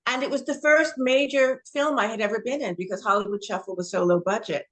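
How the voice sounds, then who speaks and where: A woman from New Jersey speaks as an interview guest. Her voice sits a little high, and she tells stories in an easy, anecdotal way. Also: brisk. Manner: warm anecdotal storytelling. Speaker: actress guest. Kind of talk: casual interview chat.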